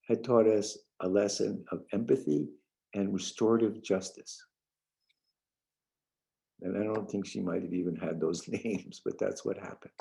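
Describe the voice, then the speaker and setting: Gravelly dark-voiced older man teaching. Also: fairly low pitch, poor audio. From New York suburbs. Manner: rambling, repeats words and restarts, gentle. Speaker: trainer leading a parenting workshop. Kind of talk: casual storytelling lecture.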